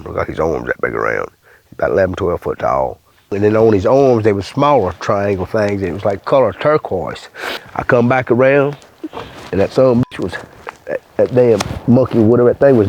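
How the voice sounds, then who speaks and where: A man's voice: deep voice, vocal fry, a little mellow, dull audio. An older man from Louisiana with a bayou accent, telling a rambling, folksy story full of swearing in an interview. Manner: rambling, folksy, swears often, acts out voices.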